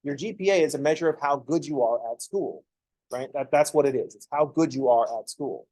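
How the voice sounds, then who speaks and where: A man's voice: medium pitch, animated, a little fast, dark tone, no echo. A man, a math professor, lecturing a class in a joking, conversational way. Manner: joking, conversational, acts out students' thinking noises.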